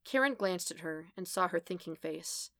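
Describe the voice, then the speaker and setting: A woman reading fan fiction aloud as a podfic, in a calm, measured storytelling manner, lightly voicing the dialogue. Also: lowish voice, dry recording, studio quality. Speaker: podfic reader.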